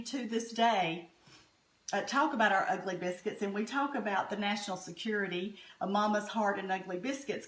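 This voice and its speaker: Chatty Southern mama in an echoey kitchen. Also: female voice, medium pitch. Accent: Southern American. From Southern United States. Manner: homey, chatty, warm-hearted storytelling. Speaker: home cook host. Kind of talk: folksy cooking chat. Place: home kitchen.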